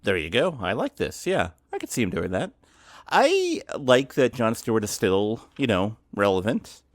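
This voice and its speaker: A man co-hosting a podcast, chatting casually with lively trivia asides. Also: on the low side, normal speed, no room sound, clean studio sound. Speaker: podcast co-host. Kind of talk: casual chat.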